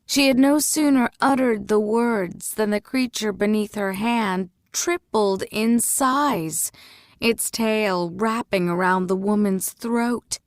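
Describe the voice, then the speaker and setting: A woman reading a fantasy novel aloud as narrator, slow and even. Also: mid-range voice, no room sound, studio quality. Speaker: audiobook reader. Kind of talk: storybook narration.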